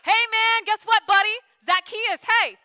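A woman voicing a cheerful, friendly man loudly greeting an old buddy. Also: very high-pitched, unhurried, voice pushed up, full character voice. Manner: loud, excited, friendly.

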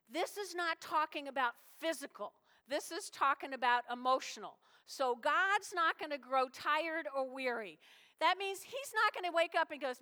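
A woman pastor preaching a sermon in a lively, folksy way, slipping into little acted-out voices. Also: high-pitched, normal speed, big-room sound.

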